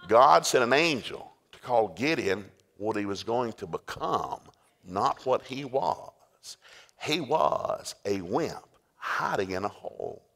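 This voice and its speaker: A man's voice: medium pitch, gravelly, fairly bright tone. A man preaching a sermon in a folksy, storytelling way. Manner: folksy storytelling, acts out scenes. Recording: echoey hall with long reverb.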